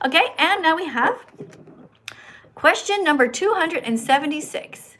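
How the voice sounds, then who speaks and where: A woman's voice: high-pitched, lively intonation, unhurried, a bit bright, a little hiss or hum. A woman hosting a live stream with callers, talking like a schoolteacher who instructs and scolds. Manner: says her own voice is annoying. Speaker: livestream host.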